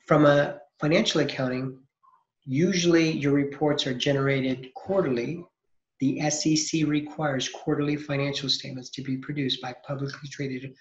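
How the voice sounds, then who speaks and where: A man teaching an accounting lesson, explaining step by step and posing questions he then answers himself. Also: on the high side. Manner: explanatory, asks and answers his own questions, frequent restarts. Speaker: accounting instructor. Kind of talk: recorded lecture. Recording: echoey, dull lo-fi recording.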